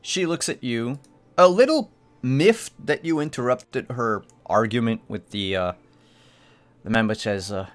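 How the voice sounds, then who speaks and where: A man narrating a tabletop game as game master, describing scenes in a measured way with occasional fillers. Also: medium pitch, lively intonation, faint music behind.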